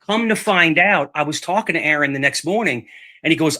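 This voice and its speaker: A man telling a long rambling story in casual chat, animated and swearing, repeating his words. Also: on the high side, a little fast.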